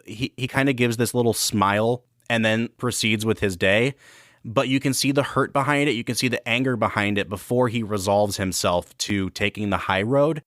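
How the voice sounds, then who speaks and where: A man's voice: medium pitch, fairly bright tone, no echo, clean studio sound. A man co-hosting a film and whiskey podcast, talking through a movie in casual, enthusiastic, analytical chat. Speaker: podcast co-host.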